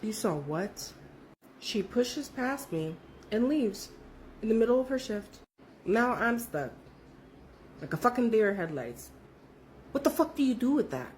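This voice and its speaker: A woman's voice: fairly high pitch, sing-song, measured pace, long pauses, darkish tone, a little hiss or hum. Profane, dramatic young woman storyteller. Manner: profane, emphatic, dramatic telling. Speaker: storyteller recounting her own experience. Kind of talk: casual spoken storytime.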